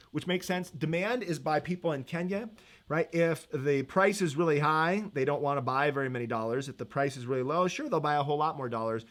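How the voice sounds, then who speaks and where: Upbeat, chatty man teaching. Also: a little high. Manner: chatty and upbeat, reads viewer comments, laughs easily. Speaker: economics teacher. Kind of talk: live-stream review lesson.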